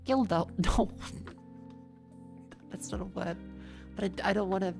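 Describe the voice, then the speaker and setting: A woman streamer talks on a desk mic, a little stuffy from a sinus infection. She is excitable, profane and rambling, and her pitch sits in an ordinary middle range. Music plays faintly under her. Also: unhurried, gravelly. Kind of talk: casual gaming stream chat. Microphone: desk microphone.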